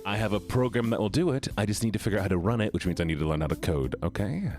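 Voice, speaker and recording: A man's voice: lowish voice, very fast, darkish tone. A man streaming, chatting casually and playfully greeting his chat by name. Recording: faint background music. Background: faint music.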